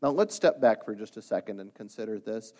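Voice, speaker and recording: A man's voice: lowish voice, animated, fairly quick, mellow. A man preaching a sermon, asking rhetorical questions and often repeating his words. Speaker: pastor.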